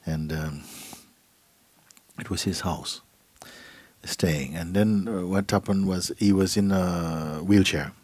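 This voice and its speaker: A middle-aged man, a spiritual teacher, giving a gentle, unhurried talk and acting out voices in his stories. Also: sits low, slightly rough, no echo. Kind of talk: satsang talk, storytelling. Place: gathering hall.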